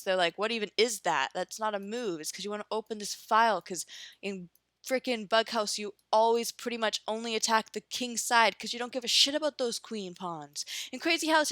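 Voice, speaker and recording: A woman's voice: medium pitch, a bit bright, no echo, clean studio sound. A young woman giving casual chess commentary while she plays online, ranting and swearing with lots of fillers. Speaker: chess streamer.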